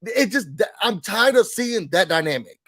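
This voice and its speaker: Guy with a high voice ranting about a reality show, dry sound, lots of mimicking. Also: dry recording. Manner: animated, exasperated, talks straight to the people on the show; mimics the show's people in quick put-on voices. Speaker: reality TV reviewer. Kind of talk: casual rant to camera.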